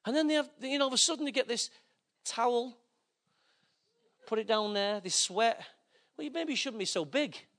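Male preacher with a notably high, bright voice; casual, joking delivery that talks straight to the congregation. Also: lively intonation, moderate pace, pauses often. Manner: conversational, joking preaching with asides to the audience. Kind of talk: sermon.

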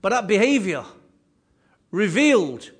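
High voiced guy preaching a sermon, punchy repeated lines, gets loud then drops soft. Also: very animated, a little slow, husky. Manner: emphatic preaching with repeated phrases and swings in loudness. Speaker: pastor.

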